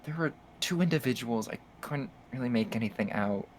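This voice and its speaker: Male player, in character; wary and halting, with swooping, animated pitch and a faint hiss behind. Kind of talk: in-character tabletop play.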